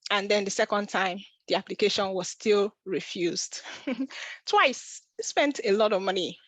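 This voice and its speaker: A woman's voice: medium pitch, unhurried, dry recording. Woman vlogger, mid-range voice, earnest personal storytelling with restarts, dry close recording. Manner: earnest, emotional, frequent restarts.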